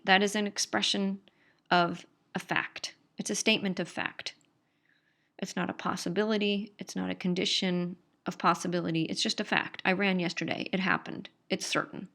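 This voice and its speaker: A middle-aged woman delivers a recorded grammar lecture in a patient, explanatory way. She often restates her key points to make them stick. Her voice sits at an ordinary pitch for a woman. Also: fairly bright tone. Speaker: English instructor.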